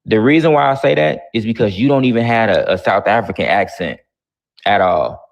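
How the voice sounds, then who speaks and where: A man's voice: on the low side, a little fast, creaky. A man hosting a live online talk show, brash and profane, mocking his callers. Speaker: host.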